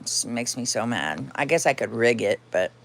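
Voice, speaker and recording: A woman's voice: extremely low pitch, lively intonation, moderate pace, fairly bright tone, slight background noise. A woman hosting a casual live chat from home, rambling and laughing often, now and then cooing baby talk at her cat. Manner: rambling, chatty, frequent laughs. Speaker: livestream host.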